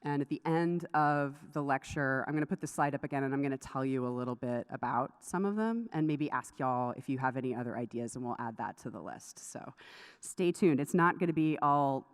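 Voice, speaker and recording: A woman's voice: a bass voice, brisk, clear, resonant tone. A woman giving a craft lecture at a conference, chatty and prone to laughing asides. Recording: lecture hall with long reverb.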